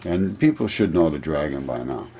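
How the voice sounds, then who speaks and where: A man talking through a map in a casual, rambling monologue, often laughing at his own ideas and getting excited. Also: extremely low pitch, normal speed, a little hiss or hum. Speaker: video presenter.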